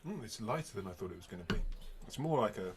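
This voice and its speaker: Brief: middle-aged podcast host, low-pitched, easygoing and chatty. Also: male voice, fast talker, a crowd in the background. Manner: relaxed, chatty, with frequent fillers. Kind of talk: casual podcast chat.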